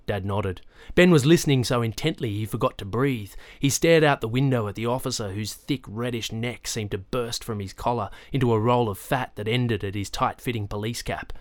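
A man with a lowish voice narrates a novel for an audiobook, reading the scripted text in a measured, even way. The recording is dry and of studio quality.

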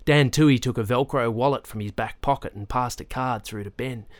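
A man reading a novel aloud in a measured, even storytelling manner. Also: medium pitch, dry recording. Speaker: audiobook narrator. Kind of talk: scripted narration.

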